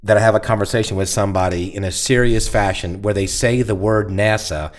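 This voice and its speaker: A man's voice: fairly low pitch, steady tone, a little fast. A man co-hosting a podcast, telling stories in casual chat with frequent restarts and stumbles. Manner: rambling storyteller with many restarts. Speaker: podcast co-host.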